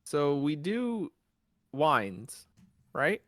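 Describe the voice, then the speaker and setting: Halting man co-hosting a podcast. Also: on the high side, big pitch swings, a bit bright, no echo. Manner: halting, restarts often, laughs easily. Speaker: podcast co-host. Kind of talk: casual chat.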